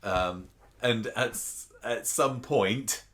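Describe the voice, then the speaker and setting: A man's voice: on the low side, takes it slowly, a bit bright. A man co-hosting a casual podcast chat, rambling with frequent restarts and chuckles. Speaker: podcast co-host. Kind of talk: casual chat about a soap opera.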